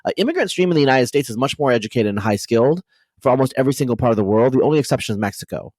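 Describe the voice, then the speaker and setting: Quick guy hosting a podcast, rambly, lots of ums and restarts, dry sound. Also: mid-range voice, no echo. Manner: rapid, animated, many fillers and restarts. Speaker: podcast host. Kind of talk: casual conversational interview.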